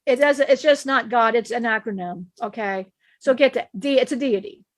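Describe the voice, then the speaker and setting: A woman's voice: on the high side, moderate pace, no room sound, lightly acted. A woman channeling an ancient male divine being, giving an emphatic spiritual teaching with many repeats and restarts. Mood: earnest.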